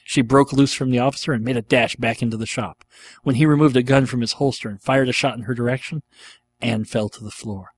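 A man's voice: medium pitch, steady tone, a little fast, husky, dry recording. Male narrator, earnest dramatic read of a fan fiction. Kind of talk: reading a fan fiction aloud.

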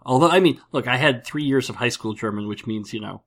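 A man's voice: mid-range voice, a little fast. A middle-aged man from upstate New York chats on a podcast in a loose, jokey way. He rambles through his stories with plenty of restarts and asides. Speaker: podcast host. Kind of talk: casual podcast chat.

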